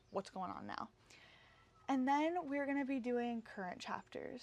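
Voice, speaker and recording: A young woman hosting her own podcast, chatting casually and openly in a bubbly, rambling way. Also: mid-range voice. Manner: bubbly and rambling, with fillers and laughs. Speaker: podcast host. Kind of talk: casual solo podcast chat.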